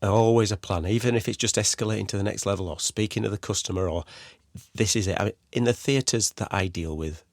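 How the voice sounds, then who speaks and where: A man's voice: on the low side, a little fast, dry recording, clean studio sound. A man hosting a solo podcast, giving advice in a casual, rambling way full of "you know" and restarts. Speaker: podcast host.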